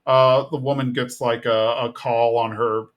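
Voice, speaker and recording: A man's voice: mid-range voice, level tone, a little slow, muffled recording. A man co-hosting a podcast, casually retelling a cartoon episode and acting out quotes in a raised voice. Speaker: podcast co-host recapping episodes. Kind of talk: casual recap chat.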